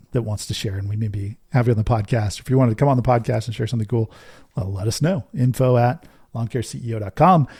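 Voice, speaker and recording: A middle-aged man hosts a podcast in an earnest, storytelling monologue. His voice is mellow and warm at a middle pitch, recorded close and dry. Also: no echo. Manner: earnest, storytelling, fond of rhetorical "right?". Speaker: podcast host.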